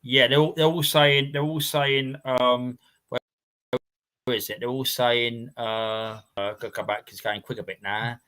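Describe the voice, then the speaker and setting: A man's voice: medium pitch, fairly even intonation, measured pace, sharp tone. An English man hosting a casual live stream chat, rambling and repeating his words as he reads out viewer names. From England.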